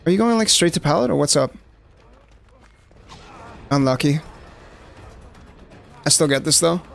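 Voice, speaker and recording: Young man, raspy-edged and slightly high, loose chatty gaming commentary. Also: animated, a little slow, soft background music. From South Africa. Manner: casual, chatty, lots of "like" fillers, addresses chat. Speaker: streamer. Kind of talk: live gameplay commentary.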